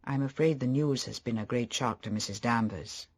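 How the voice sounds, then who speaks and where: A man's voice: mid-range voice, normal speed, lightly acted. A man reading a deferential old butler. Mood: respectful. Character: old, devoted, formal male butler.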